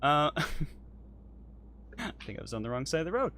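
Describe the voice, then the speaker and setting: A man's voice: mid-range voice, very animated, rapid-fire. A man co-hosting a casual chat while playing a game, hesitant and apologetic, with lots of ums. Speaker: podcast co-host playing a driving game.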